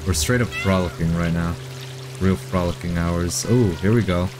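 A young man with a very low voice streams himself playing a game, joking as he goes. He breaks into high, excited cries when something happens. Game music plays clearly behind him. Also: moderate pace. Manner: reactive, jokey, breaks into high excited exclamations. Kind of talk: live gameplay commentary.

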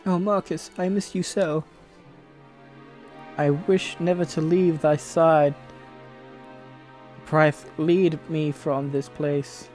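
A man's voice: a little high, steady tone, slow, long pauses, a little mellow, soft background music. A man voicing a lovestruck young princess in a stage play, pleading tenderly in old-fashioned speech. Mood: longing.

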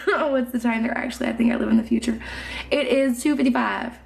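A woman from Indiana, USA, livestreams on her phone from a home room with mounted trophies, chatting casually and reading comments. Her voice is a little high, gravelly, brisk and steady in tone, and she's giggly, swearing freely and a little drunk.

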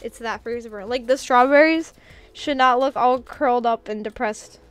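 Young woman streamer, high voice, rambling giggly chat over soft background music. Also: moderate pace, clear, resonant tone. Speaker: game streamer. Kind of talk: casual live-stream chat.

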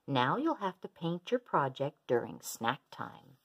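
A woman's voice: sits low, big pitch swings, measured pace, fairly bright tone, slightly rough, full character voice. A woman voicing a stern dinosaur teacher. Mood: scolding. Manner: scolding, matter-of-fact. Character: stern female dinosaur schoolteacher. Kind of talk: storybook read-aloud.

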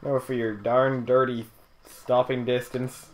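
A young man bantering over a video game, teasing his friend with deadpan insults. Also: mid-range voice, unhurried. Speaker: co-host commentating a let's play. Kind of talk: casual banter.

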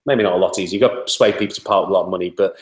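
Low-voiced and racing, this man talks in an echoey room as the toy startup's spokesman being interviewed. His casual interview talk is chatty and meandering, packed with fillers.

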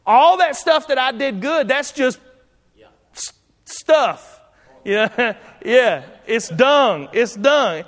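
A man preaches in a high, light voice. He talks in a homespun, conversational way, circling back and restarting his sentences. His voice rings with the long reverb of a church sanctuary. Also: lively intonation, very slow, fairly bright tone. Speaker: pastor. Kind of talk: sermon.

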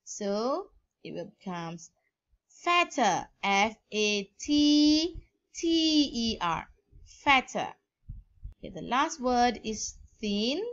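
A woman's voice: fairly high pitch, very animated, very slow, fairly bright tone, lo-fi sound. A woman with a Malaysian English accent teaching a grammar lesson, spelling words out letter by letter.

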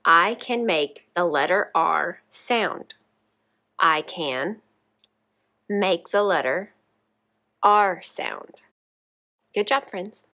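Low-voiced woman teaching kindergartners. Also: lively intonation, drawn-out words, long pauses, pushed and bright. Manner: encouraging, clear step-by-step explanation. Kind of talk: classroom instruction to young children.

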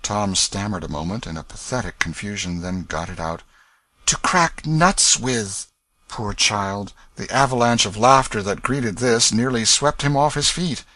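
A man reading a classic novel aloud as an audiobook narrator, in a steady storytelling manner. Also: on the low side, normal speed, few pauses, no echo.

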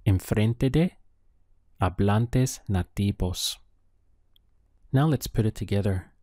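Slow, careful male language teacher. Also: on the low side, animated, warm tone, no room sound, studio quality. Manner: slow, careful enunciation of phrases. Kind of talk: scripted language lesson.

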